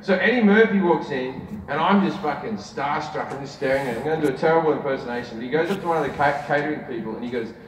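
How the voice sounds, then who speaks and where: Brief: profane male stand-up storyteller, fairly high voice, miked from a distance in a big echoey arena. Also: very fast, few pauses. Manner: swearing, conversational storytelling with punchline rhythm. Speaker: stand-up comedian. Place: large indoor arena on stage. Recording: distant, echoey arena with loud crowd laughter. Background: crowd laughter.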